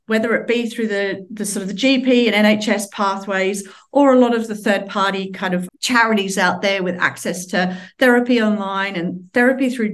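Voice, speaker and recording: Aussie woman answering interview questions, earnest, lots of restarts. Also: mid-range voice. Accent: Australian. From Australia. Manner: earnest, explanatory, with frequent fillers and restarts. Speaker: charity representative.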